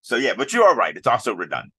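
A man co-hosting a podcast, discussing a writing submission in a casual, animated way, often acting out quoted lines. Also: mid-range voice, rapid-fire, slightly rough, dry recording. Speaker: podcast co-host.

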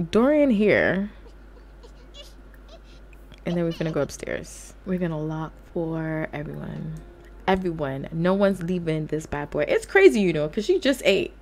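A young adult woman giving casual let's-play commentary, animated and often laughing as she talks to her viewers. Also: deep voice, a little hiss or hum. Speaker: gaming YouTuber.

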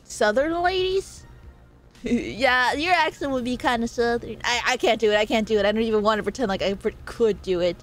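Chatty higher-voiced young woman streamer. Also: a little fast, a bit bright, faint music behind. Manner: chatty, laughs often, swears casually. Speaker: game streamer. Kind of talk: casual live-stream chat.

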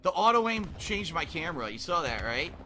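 A man's voice: a little high, big pitch swings, a little fast, noisy background. A man giving frustrated, swearing commentary over his own gameplay. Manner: frustrated, swearing, ranting at the game. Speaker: gaming commentator. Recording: faint gunfire behind voice. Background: game gunfire and explosions.

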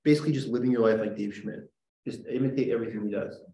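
A man's voice: medium pitch, racing, dark tone, echoey room, highs cut off. A man teaching a classroom lesson in a chatty, joking way, often checking in with "right?". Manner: chatty, jokey, lots of "right?" and "like". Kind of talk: classroom lecture.

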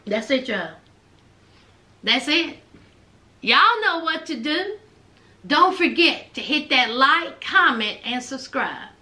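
High bright sassy woman vlogger. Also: sing-song, takes it slowly, pauses often. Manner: chatty, sassy storytelling with quoted lines. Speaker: reality TV recap vlogger. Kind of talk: casual recap commentary.

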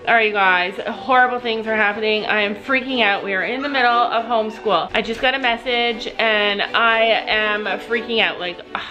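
A woman's voice: a little high, normal speed, few pauses, music in the background, rough recording. Chatty woman vlogging to camera. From Canada. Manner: chatty, addresses viewers directly. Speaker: family vlogger, mother. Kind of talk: casual vlog talking to camera.

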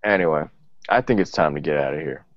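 A podcast host with a bass voice rambles quickly through casual chat, swearing freely and repeatedly restarting his sentences. There's no room sound, but the podcast audio is dull and lo-fi.

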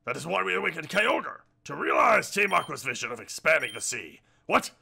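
A man voicing a brash, hot-headed male villain gang leader in a game playthrough, loud and theatrical, with a strained throat. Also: a little high, very animated, brisk, creaky, husky, full character voice. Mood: alarmed. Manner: loud, theatrical, often shouting.

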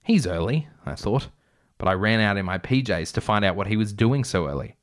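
A man's voice: fairly low pitch, expressive, fairly quick. A young man reading aloud his childhood novel, breaking off for wry, joking asides. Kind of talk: casual read-aloud with asides.

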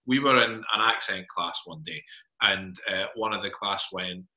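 A man's voice: low voice, normal speed, bright, forceful tone. A man hosting a casual interview, chatty and hesitant, with lots of fillers. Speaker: podcast host. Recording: echoey room.

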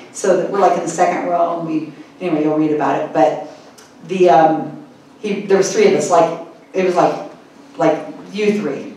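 A woman speaker at a conference, telling an animated story and mimicking people in high squeaky voices, laughing often. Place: conference hall. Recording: echoey hall, mic far off, faint room hum.

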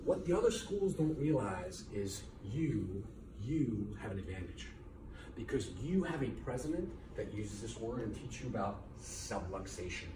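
A man's voice: lowish voice, sing-song, normal speed. A middle-aged man, a chiropractor, giving an emphatic motivational lecture to business students, repeating key words and firing rhetorical questions. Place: lecture hall at a college. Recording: echoey hall from far off, faint noise.

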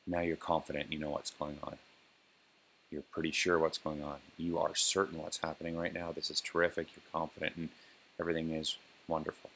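Very deep gravelly man, flat voice. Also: fairly quick, slight background noise. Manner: relaxed, filler-heavy, talks plainly to a robot program. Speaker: developer demonstrating software. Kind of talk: casual screen-recorded tech demo.

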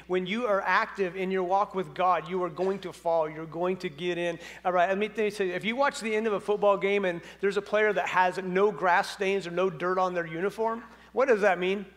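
Man, pastor, sermon, animated, jokey storytelling, high voice.

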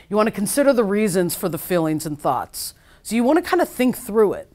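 A woman's voice: medium pitch, big pitch swings, fairly quick, a little mellow. A woman psychologist giving a keynote lecture in a casual, chatty way, often saying "like" and acting out quoted speech. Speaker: keynote speaker.

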